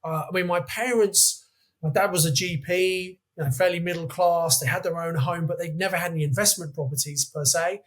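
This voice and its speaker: A man in his fifties, a podcast guest telling animated anecdotes in a chatty way. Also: on the high side, fairly quick. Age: 50s. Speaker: guest, property investor. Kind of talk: podcast interview storytelling.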